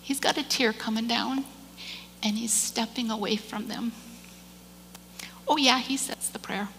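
Animated woman preaching in a reverberant church. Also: fairly high pitch, a little slow, creaky, a little hiss or hum. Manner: animated storyteller, acts out quoted voices, repeats words. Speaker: speaker giving a church message. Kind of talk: sermon storytelling.

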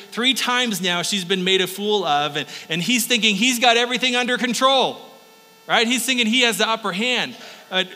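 A man preaching a sermon in an animated storytelling way, with chuckling asides. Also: high-pitched, long reverb tail, poor audio.

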